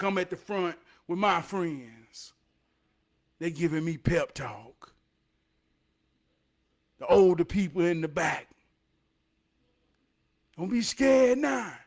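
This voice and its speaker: Animated man telling a street story. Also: high voice. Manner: animated, loud bursts, drops to hushed tones. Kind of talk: casual storytelling vlog.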